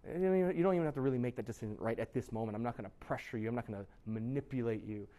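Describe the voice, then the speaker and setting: A man's voice: mid-range voice, very fast, warm tone. A young man preaching a sermon as youth pastor, casual and joking, with lots of fillers and restarts.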